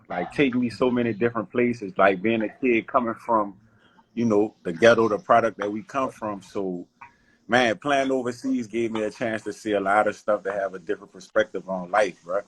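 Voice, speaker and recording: A man's voice: lowish voice, moderate pace, slight background noise, low-quality recording. A man, a basketball coach talking casually about his life on a video call. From New Orleans. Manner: relaxed, slangy, heartfelt storytelling. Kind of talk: casual interview chat.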